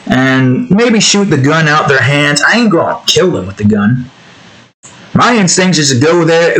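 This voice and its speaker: A man chatting casually while he draws, rambling through off-topic asides and swinging into animated mock rants. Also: medium pitch, low-quality recording. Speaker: art vlogger. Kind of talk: casual chat while drawing.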